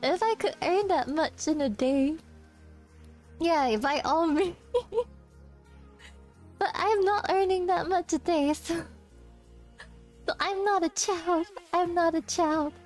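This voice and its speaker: A woman's voice: very high voice, slow pace, pauses often, darkish tone, faint music behind. A young adult woman VTuber chatting casually with her stream, with a childlike voice, giggling often and teasing back at chat.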